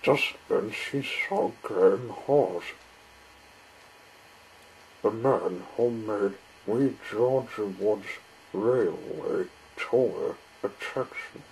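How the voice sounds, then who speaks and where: A man reading a children's story aloud in a slow, plain way. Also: lowish voice, a little mellow, slight background noise, rough recording.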